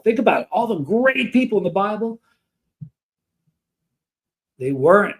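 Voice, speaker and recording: A man's voice: high-pitched, very animated, measured pace, pauses often. Earnest rambling man on a livestream. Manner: earnest, rambling, emotional, restarts often. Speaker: livestream host. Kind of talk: emotional livestream talk to chat.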